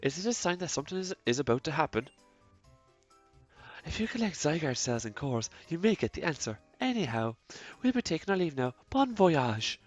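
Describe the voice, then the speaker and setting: A man's voice: on the high side, sing-song, soft background music, voice pushed up. A man putting on a clumsy mock French accent. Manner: halting, quiet read-aloud with stumbles. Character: French-accented game researchers, man and woman.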